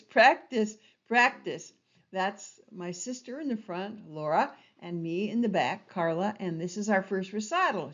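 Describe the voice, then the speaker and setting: A woman coaching presenters with lively, emphatic inflections that lean hard on key words. Her voice sits at an ordinary middle pitch. The recording is a touch dull and lo-fi. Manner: expressive, emphatic, varied inflection. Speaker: online presentation trainer. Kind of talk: instructional talk to camera. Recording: slightly dull lo-fi sound.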